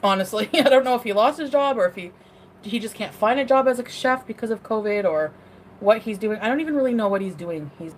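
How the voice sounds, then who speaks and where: A woman's voice: fairly high pitch, animated, quick pace, a little hiss or hum. A woman social media influencer chatting casually on a livestream, rambling with lots of fillers, trailing off and speaking bluntly with some swearing. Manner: blunt and profane. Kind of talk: casual livestream chat answering viewer questions.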